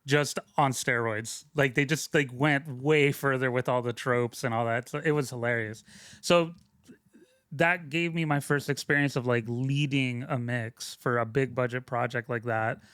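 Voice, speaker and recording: A man's voice: mid-range voice, fairly even intonation, normal speed, fairly bright tone, smooth, no echo, studio quality. A young adult man telling stories about his career in casual interview talk, loose and rambling, with lots of fillers and restarts. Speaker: guest, film sound mixer.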